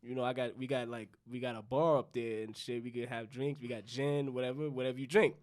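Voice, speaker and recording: A man's voice: mid-range voice, fairly even intonation, fairly quick. A young man from New York, a podcast co-host, telling a loose, profane story in casual chat and acting out both sides of the dialogue. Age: young adult.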